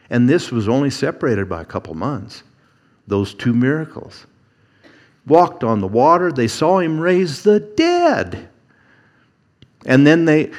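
A man preaching a sermon, slow and halting, with frequent restarts, who acts out quoted figures with a rising voice. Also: medium pitch, lively intonation. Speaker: pastor.

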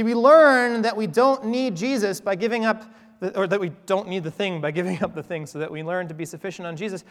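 A man's voice: high voice, in a large hall. A man preaching a sermon in a church, talking conversationally with playful asides to the congregation. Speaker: pastor.

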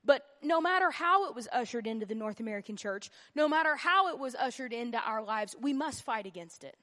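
A woman with a somewhat high voice teaches a Bible lesson at church. She talks in an earnest, conversational way, hammering points home by repeating them and slipping in jokes. Her voice carries a long reverb, as in a large hall. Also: animated, a little fast, bright, forceful tone. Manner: earnest and emphatic, repeats key phrases; conversational with humorous asides. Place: church meeting room.

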